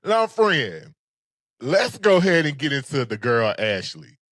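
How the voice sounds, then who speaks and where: A man co-hosting a casual recap show, talking in a sassy, animated way. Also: medium pitch, unhurried, no echo, clean studio sound. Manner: sassy, animated, sings phrases. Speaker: podcast co-host.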